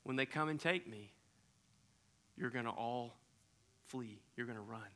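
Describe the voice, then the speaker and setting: A man voicing a calm, solemn teacher speaking quietly and gravely in a sermon story. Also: mid-range voice, a little slow, pitched below the performer's own voice, lightly acted.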